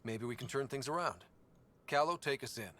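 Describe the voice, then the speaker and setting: An actor playing a resolute male starship leader, steady and gravelly, in game audio. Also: medium pitch, brisk, natural voice. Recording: game audio with faint noise.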